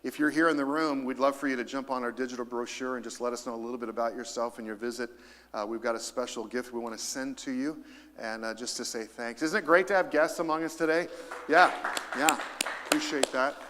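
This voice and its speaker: A middle-aged man preaching a sermon in a church, lively and emphatic, calling out to the congregation for responses. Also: medium pitch, fairly quick, a little hiss or hum. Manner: lively, rising to emphasis, calls for audience responses. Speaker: pastor. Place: church auditorium. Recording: long hall reverb.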